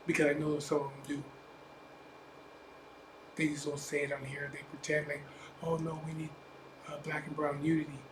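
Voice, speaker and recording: A man with a Chicano English accent ranting bluntly to camera as a biker vlogger, profane and defiant with repeated asides. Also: on the high side. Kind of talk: blunt unscripted rant to camera. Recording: echoey room, faint background hum.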